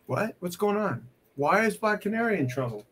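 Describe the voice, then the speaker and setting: A man's voice: high-pitched, very animated, moderate pace, a bit bright, slight background noise. A man working as a comic art dealer, selling pieces on a live stream with playful, clowning banter and mock French. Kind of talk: joking live sales banter.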